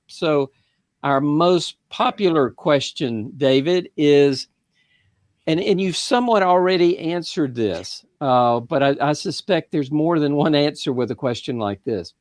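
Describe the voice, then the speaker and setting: Measured male moderator, dry close sound. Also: fairly high pitch, darkish tone, no room sound. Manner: measured, reading out questions.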